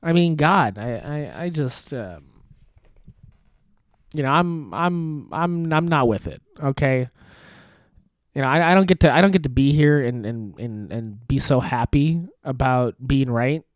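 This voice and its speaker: A man's voice: medium pitch, measured pace, no room sound. A young man hosting a podcast from his studio apartment, ranting with sarcasm, cursing, laughing often and trailing off. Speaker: podcast host. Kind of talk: casual ranting commentary. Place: studio apartment at a foldable table.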